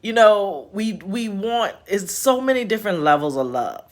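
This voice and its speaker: A woman's voice: medium pitch, animated, moderate pace. A woman hosting a casual spiritual chat from home, folksy and chatty with laughing asides. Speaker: host. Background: home repair noise.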